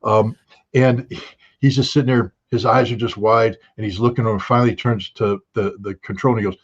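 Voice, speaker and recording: A man as a guest in casual political talk, animated, restarting often with many fillers. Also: on the low side, fairly quick, breathy edge, muffled recording.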